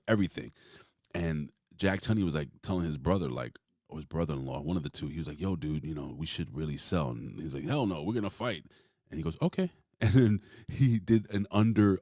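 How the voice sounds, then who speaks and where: A man's voice: low-pitched, no echo, studio quality. A man in his forties hosting a casual wrestling podcast, rambling and swearing as he tells stories. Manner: rambling, swears freely, animated storytelling. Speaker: podcast host.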